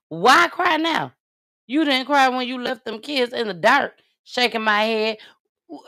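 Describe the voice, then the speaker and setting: Outspoken woman host, bright and unhurried. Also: on the high side, creaky. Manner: outspoken, blunt and exasperated. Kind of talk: casual commentary on a live show.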